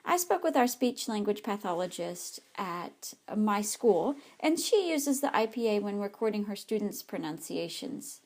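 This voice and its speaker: A woman's voice: mid-range voice, sing-song, a little slow, few pauses, a little mellow. A woman, an ESL teacher, reads a scripted slide presentation carefully, with small slips.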